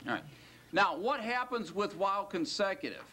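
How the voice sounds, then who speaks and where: A man's voice: sits high, sing-song, bright, forceful tone, a little hiss or hum. A man teaching a class and lecturing, quizzing students and stretching out the key words. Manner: questioning, drawn-out stressed words. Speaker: Hebrew teacher.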